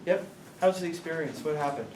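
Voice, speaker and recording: A man's voice: on the high side, brisk. A middle-aged man giving an informal lecture to students, telling rambling stories and quizzing the audience. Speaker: guest speaker, company founder. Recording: roomy, distant mic, faint noise.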